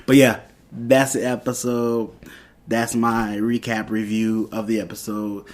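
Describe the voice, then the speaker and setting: A man's voice: lowish voice, flat delivery, measured pace. A man hosting a podcast, casually retelling a TV episode and acting out the characters' lines as he goes. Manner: rambling retelling with quoted lines. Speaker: podcast host.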